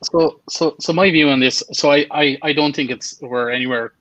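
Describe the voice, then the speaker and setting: A man's voice: fairly high pitch, steady tone, normal speed, fairly bright tone, no echo, dull audio. A man co-hosting a casual political chat show, blunt and opinionated, swearing freely. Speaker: podcast co-host.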